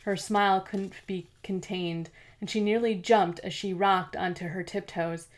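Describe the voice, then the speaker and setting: A woman reading a novel aloud as narrator, in a steady, measured storytelling manner. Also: mid-range voice. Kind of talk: scripted audiobook narration.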